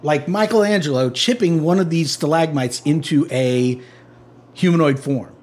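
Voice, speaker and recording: A man's voice: on the high side, moderate pace, darkish tone. A man narrating as game master, loosely and jokingly, with many fillers.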